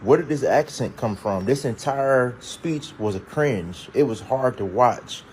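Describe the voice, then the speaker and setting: A man's voice: medium pitch, animated, measured pace, darkish tone, slight background noise, poor audio. A man speaking indignantly and emphatically in a commentary clip.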